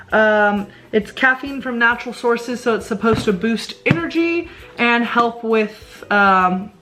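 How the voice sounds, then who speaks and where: Chatting about her meals from home, a woman rambles through a casual food diary vlog, dropping lots of ums and filler words. Her voice runs fairly high with a fairly bright tone.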